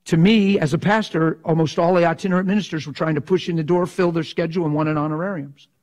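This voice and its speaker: Passionate high-voiced male preacher. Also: fast talker. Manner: passionate, animated, acts out mocking voices. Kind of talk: sermon.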